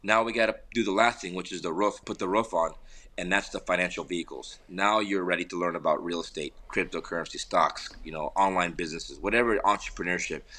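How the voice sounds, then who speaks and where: A man with a very deep, low-pitched voice speaks as a guest on a remote call. He tells his points in animated, loosely built stories, often repeating words and restarting. He sounds middle-aged, casual and conversational. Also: fairly quick. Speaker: podcast guest, entrepreneur and father. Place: home in an air park community.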